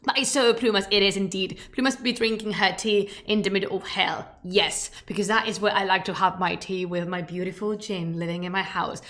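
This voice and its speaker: A woman's voice: medium pitch, fairly even intonation, fairly quick, few pauses, a bit bright. Chatty playful woman, native Spanish speaker. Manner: chatty, playful and digressive, with emphatic asides. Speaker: streamer and history host. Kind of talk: casual chat leading into a history lecture.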